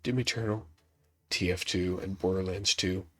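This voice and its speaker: A man's voice: low-pitched, fairly even intonation, normal speed, fairly bright tone, no echo. A congested young man chatting offhand while playing a game, rambling and self-deprecating. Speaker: gaming youtuber. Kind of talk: casual gameplay commentary. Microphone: laptop setup.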